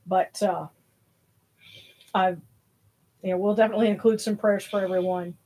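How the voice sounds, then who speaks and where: A woman's voice: medium pitch, steady tone, moderate pace, dark tone, breathy edge. A woman hosts a spiritual livestream in casual, rambling chat, a little out of breath. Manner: rambling, with many fillers and restarts.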